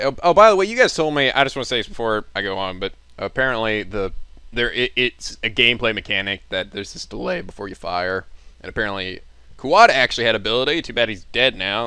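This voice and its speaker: A man's voice: lowish voice, sharp tone, smooth, no room sound. A man hosting a video game let's play, reading the game's text with dramatic flair and commenting casually, swearing and laughing.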